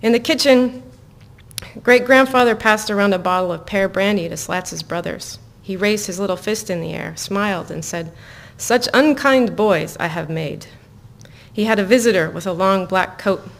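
A woman author reading her own novel aloud to listeners in an even, measured way, breaking off into casual asides full of fillers. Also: medium pitch, gravelly. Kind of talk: live book reading with chatty asides.

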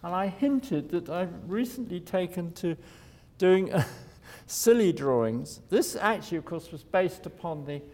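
An older architect giving a loose, wry lecture and chuckling at his own asides. His somewhat high voice has a gravelly edge. It carries a long echo from a lecture hall. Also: lively intonation, a little slow, darkish tone. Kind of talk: informal public lecture.

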